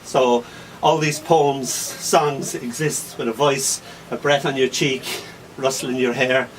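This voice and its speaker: A man's voice: mid-range voice, fairly even intonation. An Irish man in his sixties with a Kildare accent, a guest poet telling playful stories on a radio show. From Ireland. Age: 60s. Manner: playful, storytelling, quick to laugh. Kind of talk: casual radio chat. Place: hospital radio studio. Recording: distant mic with faint hiss.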